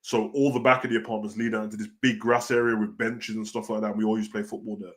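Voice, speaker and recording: A man with a British accent, hosting a wrestling reaction show in a casual, animated way, full of street slang and "bro". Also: lowish voice, fast talker. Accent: British (London street slang). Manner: animated, slangy, peppers every line with "bro".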